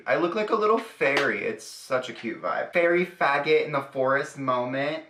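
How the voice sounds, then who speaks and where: Sassy, profane young man, bright voice. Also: fairly high pitch, sing-song, moderate pace, hardly any pauses, slight background noise. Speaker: beauty vlogger. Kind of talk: casual makeup tutorial chat. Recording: echoey room.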